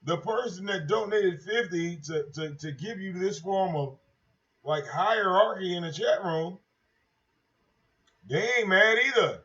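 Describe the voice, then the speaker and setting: A man's voice: sits high, a little slow, fairly bright tone. A man hosting a casual livestream, talking in a brash, profane, mocking way and repeating himself. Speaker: livestream host. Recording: dull lo-fi stream audio.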